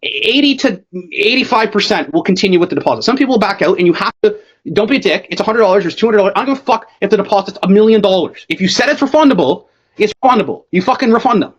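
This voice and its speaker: A man's voice: high voice, animated, rapid-fire, husky. A young man coaching a sales rep over a call, blunt and swearing constantly. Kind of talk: profane casual coaching call. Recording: dull lo-fi call audio.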